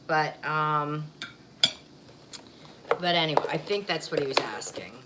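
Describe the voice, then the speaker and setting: A woman's voice: deep voice, expressive, unhurried. A woman vlogger chatting casually while eating on camera, rambling and laughing easily. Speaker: mukbang vlogger. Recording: faint background noise.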